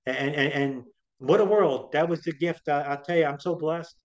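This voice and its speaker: A man's voice: on the high side, moderate pace. A middle-aged man guesting on an interview, telling his story in a chatty, rambling way with lots of restarts. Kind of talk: casual storytelling. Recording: dull lo-fi sound.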